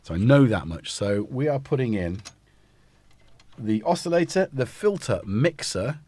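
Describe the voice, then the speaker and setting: A man's voice: mid-range voice, animated, a little slow, darkish tone, dry recording. A man with a northern English accent hosting a casual live stream, rambling, chatty and self-deprecating as he talks. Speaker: host.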